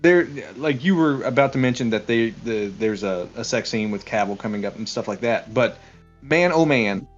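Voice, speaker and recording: A man's voice: medium pitch, animated, normal speed, lo-fi sound, faint music behind. A man co-hosting a casual film chat, swearing freely and laughing often. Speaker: podcast co-host. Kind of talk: casual chat about a film over beer.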